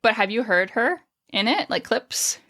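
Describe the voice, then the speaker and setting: A woman's voice: a little high, animated, measured pace, pushed and bright. A woman co-hosting a podcast in casual chat, chatty, laughing often and swearing freely. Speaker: podcast co-host.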